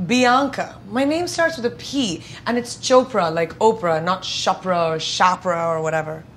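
A woman's voice: fairly low pitch, normal speed, fairly bright tone, a little hiss or hum. Playful woman in her thirties. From India. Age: 30s. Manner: playful, laughing, chatty. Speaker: celebrity guest. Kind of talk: quick-fire interview answers. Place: indoors at home.

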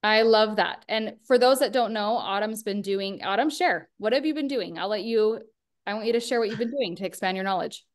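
A woman's voice: mid-range voice, a little fast. A woman in her thirties giving an earnest motivational talk to a small group, coaching them and asking them questions. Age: 30s. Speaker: workshop speaker.

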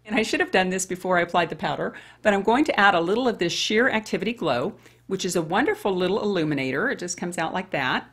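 A woman's voice: on the low side, animated, fast, fairly bright tone, husky. A woman over fifty chatting her way through a makeup tutorial and talking straight to women viewers. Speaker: beauty vlogger. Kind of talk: casual makeup tutorial chat.

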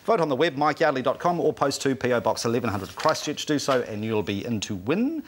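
A man's voice: mid-range voice, very animated, a little hiss or hum. A man with a New Zealand accent hosting a TV panel show, chatty and full of quips. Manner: jovial, chatty, quick quips. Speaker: TV talk show host. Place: TV studio.

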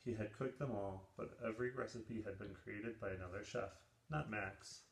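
A man reading a children's picture book aloud in an expressive, lively storytelling manner. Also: fairly low pitch, normal speed, creaky. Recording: roomy echo.

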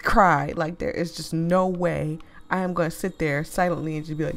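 A woman reading a story game aloud to viewers, animated and expressive, swearing freely and breaking off into laughing asides. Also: lowish voice, moderate pace, few pauses. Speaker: gaming video creator.

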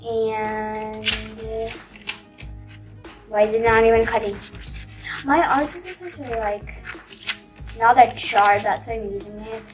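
Casual home craft presenter: a woman with a high voice and an easy, slow delivery, playful and chatty. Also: far from the mic, rough recording. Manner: chatty, playful, jokey asides. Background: background music.

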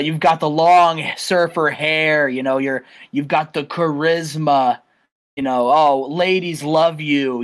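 A man's voice: close to an everyday voice, low-quality recording. A man voicing a resentful male wrestler who stumbles over his words. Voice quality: low, halting, stumbling.

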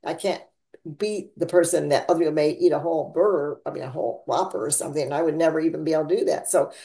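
A chatty woman hosting a relaxed faith talk, her voice low and mellow. She rambles and laughs as she goes, with sudden theatrical jumps in pitch and loudness. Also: fast talker, gravelly. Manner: dramatic swings in pitch and volume. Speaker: podcast host. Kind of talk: casual faith chat.

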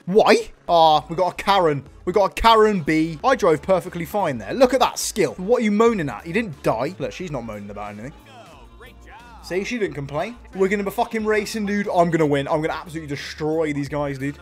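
A young man doing loud, jokey let's-play commentary, excitable and full of swearing and banter. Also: a little high, fast talker, faint music behind. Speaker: gaming YouTuber.

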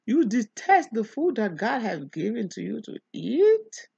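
Woman pastor, unhurried Bible teaching, bright lively delivery, muffled lo-fi sound. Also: fairly high pitch, gravelly, slight background noise. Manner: animated preaching, talks back to the text.

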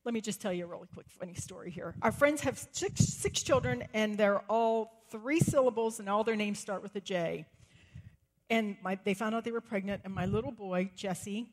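A woman's voice: mid-range voice, moderate pace. Woman preaching in a reverberant church. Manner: storytelling, acting out quotes with rising excitement. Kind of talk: sermon. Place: church sanctuary. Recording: long reverb of a church hall.

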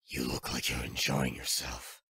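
Audiobook role: man doing a grizzled old soldier, very deep and gruff, terse, dry booth sound. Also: little pitch movement, measured pace, sharp tone, no echo, exaggerated voice. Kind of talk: audiobook character reading.

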